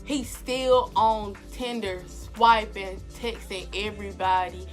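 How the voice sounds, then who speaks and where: A young woman vlogger telling a story in a casual, animated, slangy way. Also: mid-range voice, takes it slowly, soft background music. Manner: animated and slangy, acting out the exchanges.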